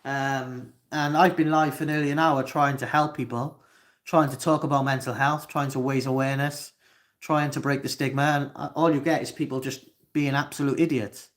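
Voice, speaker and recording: A man's voice: mid-range voice, fairly even intonation, normal speed. A Welsh man in his twenties hosting a live stream, reading chat comments aloud and swearing at trolls. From Wales. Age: 20s. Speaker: livestream host.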